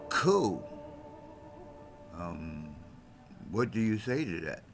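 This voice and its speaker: A man's voice: deep voice, big pitch swings, extremely slow, gravelly, pauses often. An older man vlogging, telling a rambling personal story in a laid-back, meandering street-talk manner. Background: music playing.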